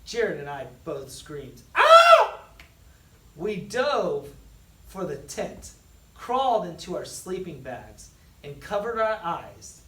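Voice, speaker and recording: A school staff member reading a picture book aloud to students, expressive, with dramatic pauses and sudden loud surges. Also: medium pitch. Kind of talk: storybook read-aloud. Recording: echoey room, distant mic, faint noise.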